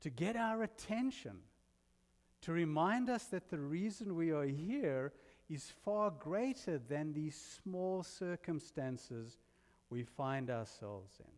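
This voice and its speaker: Taking his time, a guest minister from outside the US preaches with an animated, somewhat high and slightly mellow voice. His sermon in the church sanctuary features self-deprecating, humorous anecdotes, and the hall adds a long reverb.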